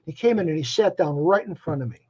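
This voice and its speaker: A man in his seventies from Chicago, a musician guest telling stories in a rambling, animated way, often restarting his phrases. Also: on the high side, quick pace, husky. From Chicago, USA. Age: 70s. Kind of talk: casual interview storytelling. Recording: dull lo-fi audio.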